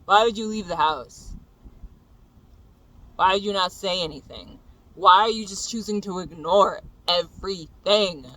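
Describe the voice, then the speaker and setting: Bright-voiced ranting young vlogger. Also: mid-range voice, measured pace, low-quality recording. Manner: profane, exasperated ranting that builds to shouting. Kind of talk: venting storytime monologue.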